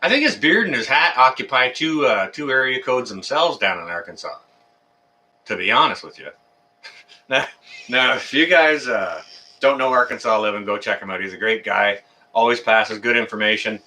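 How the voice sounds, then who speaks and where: A man's voice: mid-range voice, animated, normal speed, bright, forceful tone. A man hosting a casual live stream, greeting viewers by name and chatting in a rambling way full of fillers. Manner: rambling, filler-heavy, friendly banter. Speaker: livestream host. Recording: voice a bit far from the mic.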